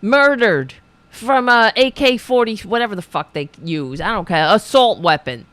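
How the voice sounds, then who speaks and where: A woman's voice: medium pitch, animated, moderate pace, fairly bright tone, no room sound. A woman hosting a political show, ranting in a profane, sarcastic, exasperated way while reading viewers' chat.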